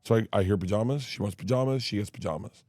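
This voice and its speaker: Animated male comic storyteller. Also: lowish voice, fast, dry recording, clean studio sound. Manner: animated, swings into loud laughing impressions. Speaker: guest storyteller.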